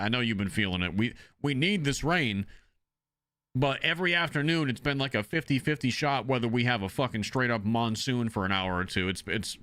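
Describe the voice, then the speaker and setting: Guy from the northeast streaming games, talks blunt and cusses constantly, kinda rambly, sharp bright tone. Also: medium pitch, clear, resonant tone. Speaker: game streamer. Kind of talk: casual chat while streaming.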